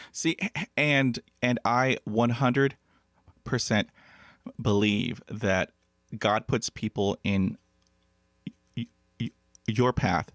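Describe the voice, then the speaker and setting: Brief: male podcast host, low voice, slow and halting stutter, dry close sound. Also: no echo. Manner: stutters with repeated sounds and blocks. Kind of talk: conversational interview.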